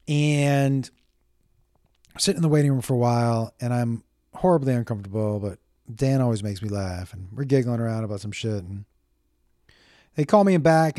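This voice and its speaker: A middle-aged man telling a profane, animated comic story in a stand-up style. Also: mid-range voice, moderate pace, no echo, studio quality. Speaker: comedian.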